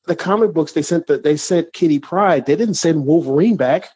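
Guy on a podcast ranting about movies, kinda high voice, dry close sound, keeps restarting himself. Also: normal speed, husky, no room sound. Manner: animated, ranting, many restarts. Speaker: podcast co-host. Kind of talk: casual chat.

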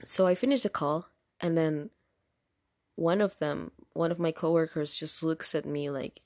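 A woman's voice: low voice, measured pace, a little mellow, dry recording, clean studio sound. A woman telling a story in casual chat, rambling along with lots of fillers. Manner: chatty, rambling with many fillers. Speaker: storytime vlogger.

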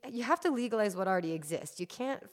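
A woman's voice: mid-range voice, expressive, fast. A middle-aged woman, a cannabis activist, recounting her experiences in an earnest, emphatic conversational interview.

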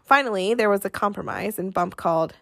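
A woman's voice: mid-range voice, fairly quick, vocal fry, dry recording. Dry, close woman narrating a novel. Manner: expressive storytelling, acting out the dialogue. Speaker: audiobook narrator. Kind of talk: scripted narration.

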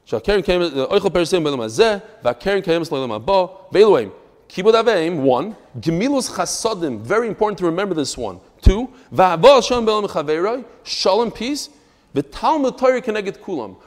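Animated rabbi with a higher voice, reverberant. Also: male voice. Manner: animated, emphatic, with quick asides. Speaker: rabbi teaching a daily Talmud class. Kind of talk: lively storytelling and teaching.

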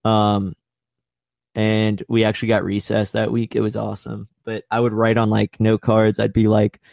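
A young man casually telling a profane, playful story and acting out other people's voices with big jumps in pitch. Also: completely flat delivery, normal speed, gravelly, a little mellow, no room sound, studio quality.

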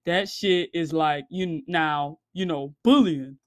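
A woman ranting casually to camera in a blunt, profane vlog commentary. She laughs between points and swings from loud outbursts to low mutters. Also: slow pace. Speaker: commentary vlogger. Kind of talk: casual opinion rant to camera.

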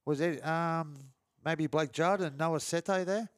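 A man's voice: a little high, takes it slowly, dry recording, studio quality. A man, hosting a casual interview and asking friendly questions, often calling the guest mate. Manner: friendly, says mate a lot. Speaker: podcast host, former rugby league player.

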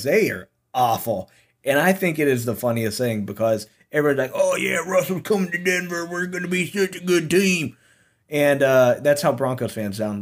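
Opinionated young man chatting about football bets. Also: medium pitch. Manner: opinionated, ranting, laughs at own jokes. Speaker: podcast host. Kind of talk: casual sports betting chat.

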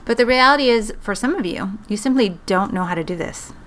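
A woman co-hosting an advice conversation, speaking at a middle pitch with an encouraging, direct manner. She lays out points step by step and talks straight to her listeners. A faint hum of room ambience sits behind her. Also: animated, a little fast, a bit bright. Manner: encouraging, addresses listeners as "guys"; lists points and steps firmly. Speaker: podcast co-host. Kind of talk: casual advice chat.

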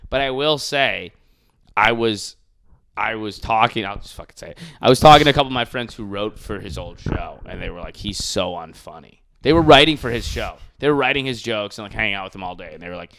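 A man's voice: on the low side, animated, quick pace, vocal fry, a bit bright. A man, a comedian, hosting a casual podcast chat, ranting with profanity.

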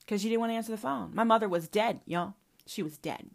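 A woman's voice: mid-range voice, fast, gravelly. A woman hosting a personal podcast, talking straight to her mother in a profane, confrontational and emphatic way. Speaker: podcast host.

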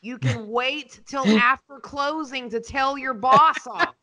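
A woman, a podcast host and real estate agent telling animated, dramatic stories in casual chat. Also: high-pitched, slow.

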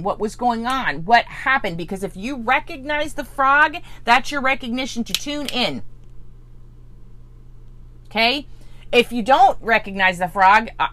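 A woman's voice: a little high, fairly bright tone, no room sound. A woman teaching a spiritual coaching lesson in an earnest way, often checking in with "right?" and "okay?" and acting out what her listeners might think. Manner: acts out listeners' inner voice.

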